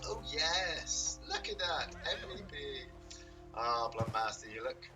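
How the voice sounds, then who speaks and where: A man's voice: on the high side, sing-song, takes it slowly, over loud music. A man casually chatting and joking while streaming a video game, rambling and swearing freely. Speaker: game streamer and podcast host. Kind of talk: casual gameplay stream chat. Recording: distant mic with clear background noise.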